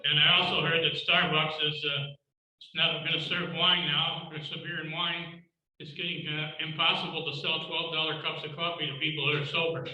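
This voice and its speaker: A man's voice: a little high, little pitch movement, normal speed, sharp tone. A folksy man telling jokes in a hall. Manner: folksy, rambling, with hesitant uh fillers. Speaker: club member giving holiday greetings. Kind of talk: joke-telling speech at a club meeting. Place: restaurant banquet room. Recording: dull roomy hall with faint noise.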